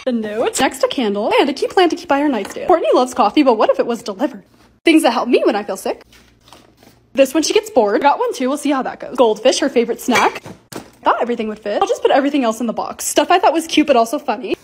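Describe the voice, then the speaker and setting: A woman's voice: high-pitched, big pitch swings, quick pace, a little hiss or hum. A young woman narrating her organizing and shopping vlog in a bubbly, chatty way, gushing over cute things. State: hoarse, losing her voice. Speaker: lifestyle vlogger.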